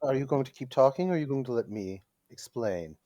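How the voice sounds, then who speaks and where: A man's voice: medium pitch, lively intonation, brisk, warm tone, no room sound. A man playing a tabletop game and speaking in character, brash and swearing. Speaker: player.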